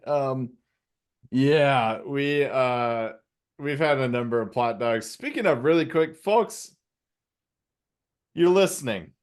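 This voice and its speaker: A man's voice: mid-range voice, animated, slow, pauses often, clean tone. Sleepy rambling man co-hosting. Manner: rambling, self-deprecating, stumbling. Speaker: co-host. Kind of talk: casual comedy podcast chat.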